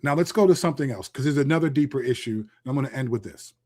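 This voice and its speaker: A middle-aged man delivers an impassioned Christian commentary on his own channel. His voice sits at a medium pitch, and his tone is preachy and emphatic. He often restarts his sentences mid-thought as he reads scripture aloud. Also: quick pace, a little mellow.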